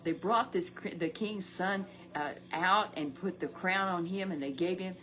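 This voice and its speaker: Casting: woman Bible storyteller, slightly low voice, plain homespun delivery full of restarts. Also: measured pace, fairly bright tone, low-quality recording. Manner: repetitive, stumbling, homely exclamations. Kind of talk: Sunday Bible story telling.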